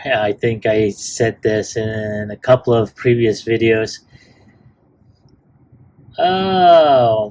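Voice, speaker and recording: Man, mid-range voice, unhurried toy-review host who rambles and restarts a lot. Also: mid-range voice, darkish tone, slight background noise. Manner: rambling, many fillers and restarts. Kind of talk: casual unboxing review.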